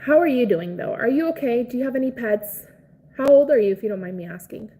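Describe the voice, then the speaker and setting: A woman's voice: on the high side, lively intonation, quick pace, warm tone, slight background noise, rough recording. A young adult woman chatting casually with viewers on a live stream. She rambles with lots of "like" fillers and speaks in an emotional, sympathetic way. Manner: sympathetic and consoling.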